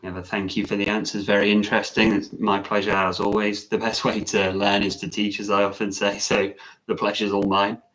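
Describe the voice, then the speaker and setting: Low-voiced man musing on a live stream. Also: fairly quick. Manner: relaxed, musing, self-correcting, reads out viewer comments. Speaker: meditation teacher answering live chat. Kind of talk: casual live-stream chat.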